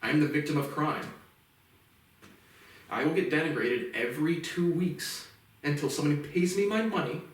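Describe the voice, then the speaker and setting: A man's voice: on the high side, normal speed, pauses often, recorded from a distance. Cursing young man ranting in an echoey room. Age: late 20s. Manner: bitter, profane rant. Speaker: vlogger. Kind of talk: angry personal monologue.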